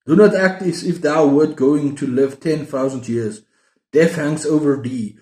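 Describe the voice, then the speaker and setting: A man playing a solemn Roman emperor who speaks in grave, old-fashioned phrasing, his voice jumping high at the end of each line. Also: measured pace, dark tone, natural voice. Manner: grave, archaic reading that squeaks high at phrase ends. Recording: roomy echo.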